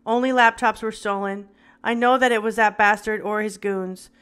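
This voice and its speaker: A woman's voice: medium pitch, steady tone, normal speed, a bit bright, clean tone. A woman reading a memoir aloud in the first person, dramatic and with occasional stumbles. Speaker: reader.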